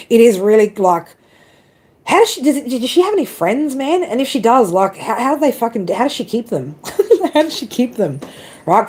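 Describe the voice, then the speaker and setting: A woman's voice: mid-range voice, darkish tone. A woman giving a casual live tarot reading, rambling and profane, tagging her sentences with "right?" and "man" and breaking into laughs. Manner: frequent laughs and self-corrections. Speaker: tarot reader.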